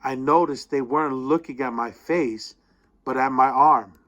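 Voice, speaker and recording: Man, reading an essay aloud, expressive storyteller, medium-pitched voice, slows for drama. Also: highs cut off. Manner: expressive storytelling, slowing down at tense moments. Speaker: reader of a student's essay.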